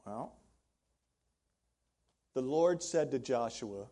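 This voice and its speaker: A man's voice: mid-range voice, lively intonation, slow, long pauses, dark tone, breathy edge. A man preaching a sermon in an earnest way, often turning to ask the congregation questions. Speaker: pastor.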